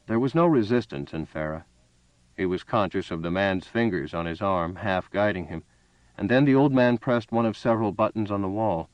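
A man with a fairly low voice narrates a story in a steady, even way. The sound is dull and lo-fi. It is dry, with no room echo. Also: moderate pace. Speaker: audiobook narrator. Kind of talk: scripted narration.

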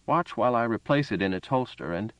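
A man reading aloud, voicing an old male gun shopkeeper who speaks in a precise, calm and measured way. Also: mid-range voice, clear, resonant tone, no echo, lightly acted, rough recording.

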